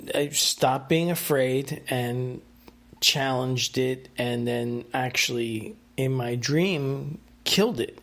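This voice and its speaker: A man's voice: medium pitch, gravelly, fairly bright tone. Rambling man with many fillers. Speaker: podcast host. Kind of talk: casual solo monologue recounting dreams.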